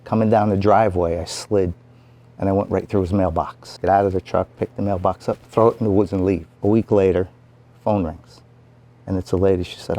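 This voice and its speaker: A town mayor telling a story in an animated way, acting out the lines of the people in it. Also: male voice, low voice, brisk. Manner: animated, acts out quoted lines. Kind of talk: anecdotal storytelling.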